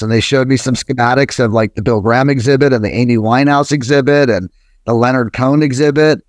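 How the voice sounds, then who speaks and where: A man's voice: mid-range voice, steady tone, fast talker, dry recording. A man in his sixties from New Jersey, a guest on a podcast telling long, rambling stories full of fillers and restarts, with the odd swear word. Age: 60s. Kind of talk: casual interview storytelling.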